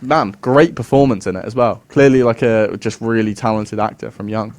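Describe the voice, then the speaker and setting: A man co-hosting a podcast in casual chat, relaxed and agreeable. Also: fairly low pitch, moderate pace, dry recording. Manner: relaxed, agreeable, lots of mm and yeah. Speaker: podcast co-host.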